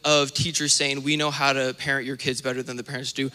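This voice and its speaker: Young male minister, sermon, bright ringing voice, animated storyteller, long church reverb. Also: mid-range voice, quick pace, few pauses, clear, resonant tone. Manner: animated storytelling with acted-out asides. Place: church sanctuary.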